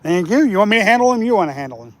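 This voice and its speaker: High-voiced man chatting while fishing. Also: very fast. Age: 40s. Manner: laughs often, gets loud and excited when a fish bites. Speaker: fishing channel host. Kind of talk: casual live-stream chat while fishing. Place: outdoors by the water.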